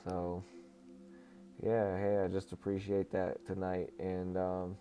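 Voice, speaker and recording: A man hosting a livestream, reading a book aloud in a calm, measured way and chatting casually with viewers between passages. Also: low-pitched, faint music behind. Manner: calm, measured reading, turning casual and friendly when greeting chat.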